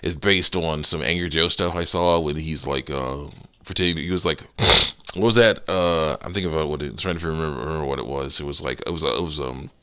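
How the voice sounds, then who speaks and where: Very deep, gravelly man chatting casually. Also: fairly even intonation, fairly quick, sharp tone. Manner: rambling, giggly, self-interrupting. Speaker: game modder. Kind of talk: casual commentary while editing a game.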